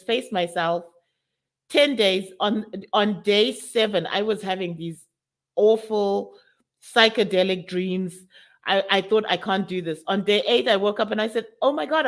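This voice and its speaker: A woman from South Africa gives a candid, emotional personal testimony to an online summit audience. Her voice sits at a medium pitch for a woman. She speaks directly to her listeners, often calling them guys. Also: fairly bright tone. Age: adult with college-age daughter.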